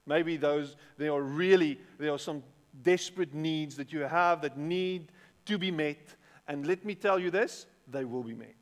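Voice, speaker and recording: South African pastor preaching in a hall. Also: male voice, on the high side, unhurried. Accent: South African English. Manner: conversational, repeats words, animated bursts. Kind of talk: sermon. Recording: long hall reverb.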